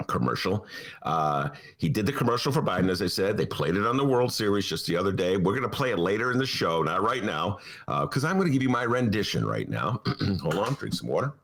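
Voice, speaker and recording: Gravelly low-voiced man hosting a talk show. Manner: wry, animated, full of asides. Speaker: podcast host. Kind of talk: casual political talk. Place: radio studio.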